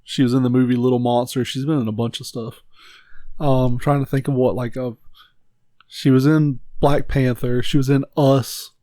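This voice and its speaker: A man's voice: mid-range voice, little pitch movement, normal speed, warm tone, dry recording. A man co-hosting a podcast, rambling bluntly with frequent swearing in casual chat. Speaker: podcast co-host.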